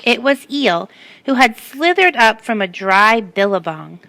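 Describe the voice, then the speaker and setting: A woman's voice: a little high, expressive, a little slow, gravelly, pushed and bright, no room sound. A woman reading a picture book aloud to children and stopping to ask them questions. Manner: asks the listeners questions. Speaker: storyteller.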